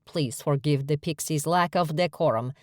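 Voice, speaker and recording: Woman voicing a calm, formal cafe owner. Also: deep voice, normal speed, no echo, clean studio sound, lightly acted. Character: calm, dignified woman who runs a cafe, motherly. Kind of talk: audiobook character voice.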